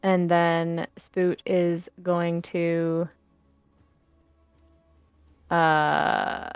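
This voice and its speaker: Slow-talking woman player, dull lo-fi mic. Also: fairly low pitch, no echo. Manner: thinking aloud about her moves. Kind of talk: casual tabletop play.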